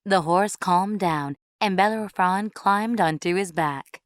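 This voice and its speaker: A woman reading a storybook aloud in a clear, measured way for English learners. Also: mid-range voice, no room sound, studio quality.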